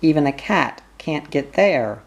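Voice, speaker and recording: A slow-paced reader voicing a boy who is earnest, worried, and urgent in an audiobook. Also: mid-range voice, animated, lightly acted. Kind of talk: audiobook character reading.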